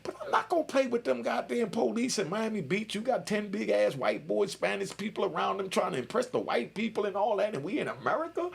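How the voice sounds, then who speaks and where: A man's voice: sits high, expressive, a little fast, creaky, few pauses, husky. A man, hosting a loose, streetwise livestream commentary and often asking if you follow him. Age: 60s. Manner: loose streetwise storytelling, keeps asking "you know what I mean". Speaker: commentary channel host.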